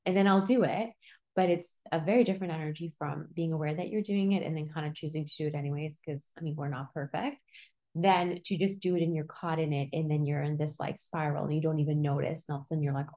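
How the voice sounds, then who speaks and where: A woman's voice: low-pitched, fairly even intonation, fast talker, mellow. A young woman hosting a solo personal-growth podcast, talking in a casual, reassuring way with lots of "like" fillers. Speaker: podcast host.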